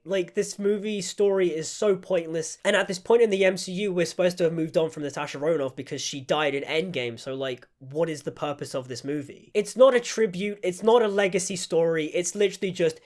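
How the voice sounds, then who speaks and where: A man's voice: high voice, fast, hardly any pauses, a little mellow. A young man giving a casual, critical film review, peppering his talk with "like". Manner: critical, frequent "like" fillers. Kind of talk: casual opinion vlog.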